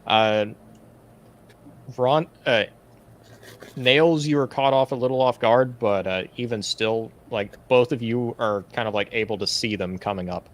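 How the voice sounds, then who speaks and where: A male game master narrating a tabletop game at a mid-range pitch. He rambles easily, filling his pauses with "uh" and "like". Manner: relaxed, rambling with many fillers.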